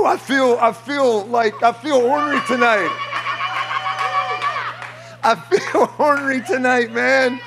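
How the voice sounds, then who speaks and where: A man preaching a charismatic sermon to a congregation in a church, fervent, breaking into shouts and laughter. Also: very high voice, steady tone, slow pace, gravelly, long pauses. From United States. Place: church meeting before a congregation.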